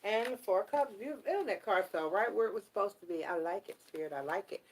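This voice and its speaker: A middle-aged woman giving a casual live tarot reading, blunt and animated and swearing freely. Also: medium pitch, fast, breathy edge. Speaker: tarot reader.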